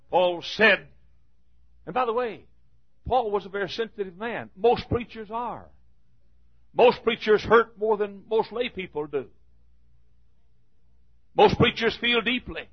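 High-pitched preacher guy, fiery repetitive sermon, dull lo-fi recording. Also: lively intonation, a little slow, long pauses. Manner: repetitive, rising to shouts. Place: church.

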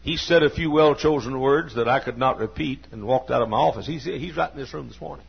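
A man's voice: on the high side, vocal fry, a little hiss or hum. A man in his sixties preaching a sermon in a church, telling personal stories in a folksy, earnest way with frequent restarts and coughs. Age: 60s. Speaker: pastor. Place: church sanctuary. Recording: dull lo-fi sermon recording.

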